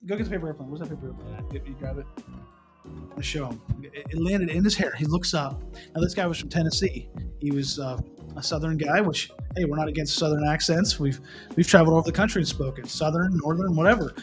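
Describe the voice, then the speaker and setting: A middle-aged man hosts a relaxed morning show and tells stories in an animated way. He restarts his sentences and often checks in with the listener. Faint music plays quietly beneath his voice. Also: on the high side, fast. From Pennsylvania. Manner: animated, restarts and repeats, asks the listener questions. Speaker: host. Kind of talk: casual morning show storytelling.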